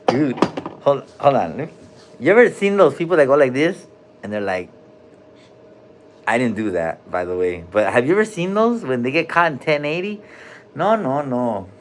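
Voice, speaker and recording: A man's voice: mid-range voice, big pitch swings, normal speed, pauses often. A man rambling loosely on a live stream from a hospital room, cursing and dropping slang as he jumps between topics.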